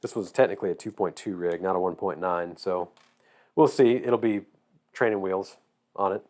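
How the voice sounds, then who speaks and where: A man from Georgia with a Southern accent, his voice going hoarse, chatting casually and rambling while he builds a model. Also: low voice, moderate pace. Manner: relaxed, rambling, drawling. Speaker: hobby shop owner.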